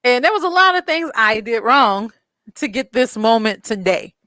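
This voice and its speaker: A woman hosting a podcast, telling a story in an animated, blunt way, swearing freely and acting out quotes. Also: on the high side, normal speed, no echo. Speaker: podcast host. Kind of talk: casual storytelling chat.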